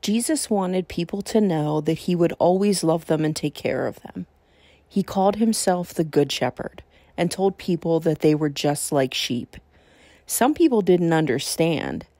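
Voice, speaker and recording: A woman reads a children's Bible storybook aloud in a gentle, measured way. Her voice sits on the low side and she takes her time. The sound is dry and close, with no room echo. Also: expressive.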